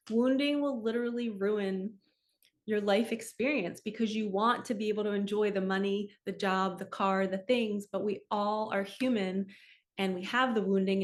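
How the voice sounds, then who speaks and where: A woman coach delivers a weekly spiritual energy reading in a heartfelt, confiding way. Her voice sits at an everyday middle pitch, and she speaks earnestly and openly, with an occasional soft laugh at herself.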